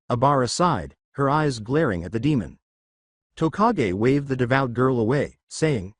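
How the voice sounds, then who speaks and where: A man narrating a fan fiction story aloud, shifting his pitch for the quoted characters. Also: big pitch swings, normal speed, dry recording, studio quality. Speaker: fanfic narrator. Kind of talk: reading fan fiction aloud, all parts.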